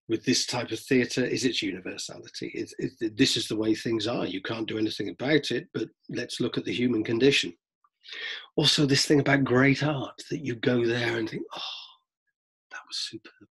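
A London drama teacher from England gives a rambling, explanatory lecture, repeating words as he thinks and acting out theatregoers in mock voices. His mid-range voice is a bit bright and husky, and the audio is poor.

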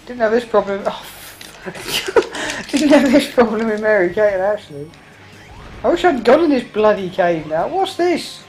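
A woman talks over a co-op game, her voice swinging widely in pitch as she yelps and laughs. She swears mildly and chatters nonstop, with faint game music underneath. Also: animated, a little slow, darkish tone, poor audio. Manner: exclaiming, laughing, mild cursing. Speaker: let's play host. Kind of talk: casual co-op gameplay chat.

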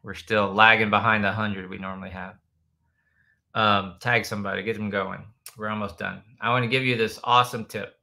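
A man from the United States hosting a casual livestream, reading viewer comments in a loose, rambling way with loud bursts when he demonstrates. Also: lowish voice, creaky, rough recording. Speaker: host answering viewer comments.

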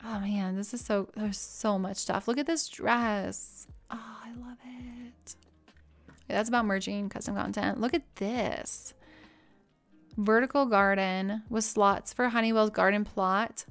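A young woman chatting casually with her live-stream audience, bubbly and easily excited as she browses and talks. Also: mid-range voice, a little slow, faint music behind.

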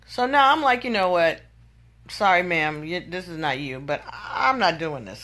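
A woman's voice: fairly low pitch, lively intonation, normal speed, a bit bright. A woman venting in an exasperated, incredulous storytelling monologue. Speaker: vlogger.

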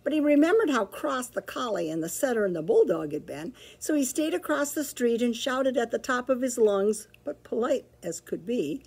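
Librarian reading aloud: woman, fairly high, very lively delivery, a bit husky. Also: normal speed, hardly any pauses. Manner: expressive, animated storytelling. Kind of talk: children's story read-aloud.

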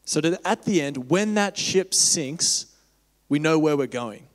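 A young man with a slightly high voice speaks to a church gathering in a loose, candid, rambling way, full of fillers. His voice rings with the long reverb of a church hall. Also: lively intonation, unhurried. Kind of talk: casual church talk with personal story.

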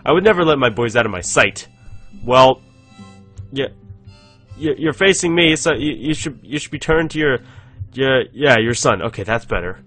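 A man's voice: mid-range voice, expressive, moderate pace, long pauses, fairly bright tone, soft background music. Giggly young man narrating a game. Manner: rambling, giggly, reads game text aloud. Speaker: gaming channel host. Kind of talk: casual let's-play commentary.

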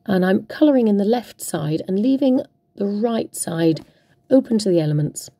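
A woman's voice: medium pitch, lively intonation, normal speed, warm tone, no room sound. Playful, chatty woman crafting. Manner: chatty, playful, talks to herself while working. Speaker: craft tutorial host. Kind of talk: casual crafting demonstration.

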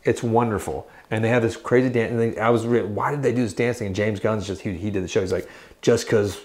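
A man's voice: on the low side, fast talker, a little mellow. A man co-hosting a casual chat in a guitar shop, joking around and breaking into silly voices. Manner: playful, jokey, breaks into sung bits and silly voices. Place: guitar shop in an old bowling alley.

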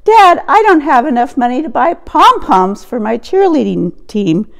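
A woman's voice: sing-song, measured pace, creaky, heavily acted. A woman pastor acting out an upset, pleading teenage girl. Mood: distressed. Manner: high-pitched, loud and distressed.

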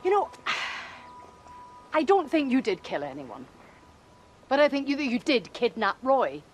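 An actress playing a sharp-tongued female amateur detective with a taunting, probing, theatrical manner. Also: high-pitched, wildly swooping pitch, slow pace, a little hiss or hum, heavily acted.

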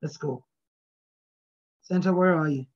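A pastor with a fairly high voice runs a Bible study over a video call. He jokes lightly, calls on people, and keeps saying "praise God." His audio is dull and lo-fi. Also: measured pace. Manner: jokey, repeats "praise God".

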